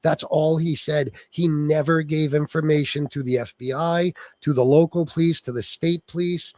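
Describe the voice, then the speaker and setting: A man of Sicilian heritage hosts a political livestream, reading chat and ranting angrily at viewers with lots of swearing. His voice is a little high and darkish, with a steady tone at a moderate pace, and there is no room sound.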